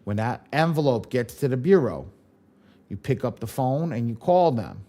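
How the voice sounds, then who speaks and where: A man's voice: mid-range voice, sing-song, normal speed, mellow. A man leading a live online training class on credit repair, emphatic, repeating his points and swearing casually.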